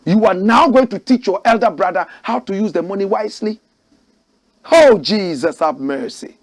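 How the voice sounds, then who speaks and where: A man's voice: high voice, lively intonation, normal speed. A Ghanaian man hosting a political commentary show, preaching in rhetorical, outraged bursts. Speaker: host.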